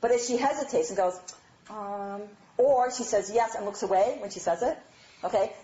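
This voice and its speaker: A woman giving a lively, chatty lecture on marriage, often checking in with her audience. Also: fairly high pitch, a little fast. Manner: animated, chatty, asks "all right?" often. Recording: dull, roomy hall recording.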